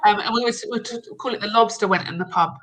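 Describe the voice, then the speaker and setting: A woman's voice: mid-range voice, fast talker, crowd noise, poor audio. A woman hosting a casual livestream, chatty, rambling and laughing often. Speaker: livestream host.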